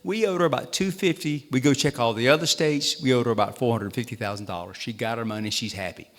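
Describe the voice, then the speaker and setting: At a town hall meeting, a Southern state treasurer delivers a storytelling speech full of humor at his own expense. His mid-range, slightly bright voice moves at a quick pace, echoing with long reverb in the hall.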